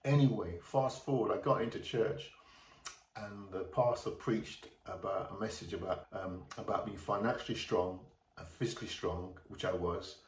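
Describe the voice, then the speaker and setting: A man's voice: on the low side, normal speed, slight background noise. A middle-aged man from England giving a candid, plain-spoken personal testimony in a church. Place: church hall. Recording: roomy church hall from a distant mic, faint music.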